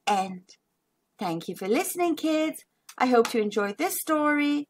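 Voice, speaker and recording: A woman hosting a children's storytime, reading a picture book aloud with animated, sing-song delivery to kids. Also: sits high, a little slow.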